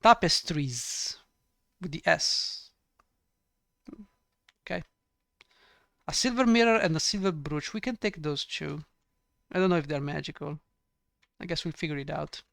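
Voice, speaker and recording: A man's voice: a little high, a little slow, vocal fry, pauses often, fairly bright tone, no echo. A man giving ranting gameplay commentary, exasperated and sarcastic, swearing often. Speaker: let's play gamer.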